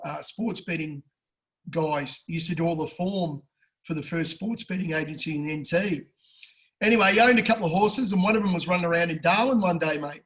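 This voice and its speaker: High-voiced Australian man telling a story. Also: rough recording. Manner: animated, swears freely, acts out characters with big pitch jumps. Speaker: podcast co-host. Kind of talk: casual storytelling chat.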